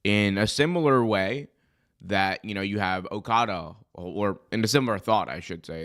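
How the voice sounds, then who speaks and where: A young man who is hoarse from being sick, hosting a live wrestling commentary stream in a chatty, rambling way that often corrects itself. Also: deep voice, a bit bright. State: hoarse, recovering from illness. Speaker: wrestling show host.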